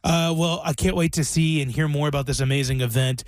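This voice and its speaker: A man's voice: a little high, steady tone, fairly quick, dry recording. Upbeat male radio host, dry sound. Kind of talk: casual chat.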